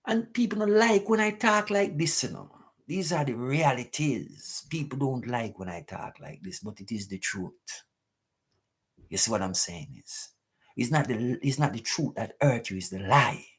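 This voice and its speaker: Husky man preaching. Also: medium pitch, expressive, moderate pace. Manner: preachy, emphatic, repeats rhetorical questions. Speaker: host of a live talk stream. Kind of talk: live-stream talk, answering chat.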